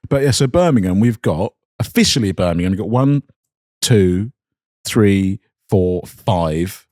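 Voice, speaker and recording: Co-host: man, lowish voice, dry teasing delivery, close dry mic. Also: animated, measured pace, a little mellow, no echo. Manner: dry, teasing banter, reads out a list. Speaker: podcast co-host. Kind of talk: casual chat.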